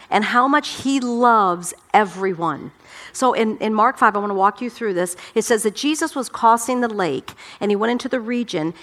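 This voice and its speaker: A woman's voice: on the high side, fairly bright tone. A middle-aged woman pastor delivering a sermon, emphatic and impassioned, often repeating her words.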